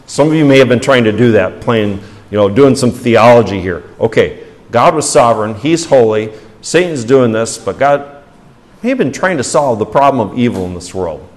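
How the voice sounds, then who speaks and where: A man preaching a sermon in a mid-range voice. He pushes his pitch up to stress key words, then lets phrases fall low and quiet at the ends. He keeps putting rhetorical questions to the congregation. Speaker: pastor.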